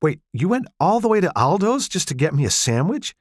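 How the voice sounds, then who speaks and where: A man voicing a sharp-witted woman archaeologist who snaps quick, exasperated retorts at her husband in an audiobook. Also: mid-range voice, big pitch swings, slightly rough, no room sound, clean studio sound, pitched above the performer's own voice. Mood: surprised.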